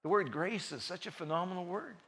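Middle-aged pastor guy preaching w stories and jokes, kinda high voice, bright and punchy. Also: brisk, husky. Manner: storytelling with joking asides, swings between loud and soft. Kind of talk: sermon.

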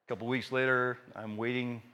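A middle-aged male pastor preaching a sermon through personal stories, with joking asides and swings between loud and soft delivery. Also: medium pitch, little pitch movement, brisk, smooth.

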